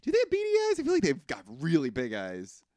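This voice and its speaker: A man in casual podcast banter who questions and teases his co-host. His voice moves through a lively pitch range. The recording is dry with little room sound. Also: dry recording. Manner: quick reactions and wry jokes. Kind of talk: casual movie chat.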